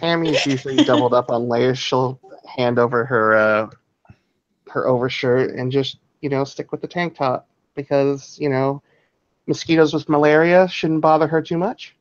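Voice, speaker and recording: A woman's voice: rumbling low, steady tone, normal speed, highs cut off. A woman playing a tabletop role-playing game, making offhand jokes. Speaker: player.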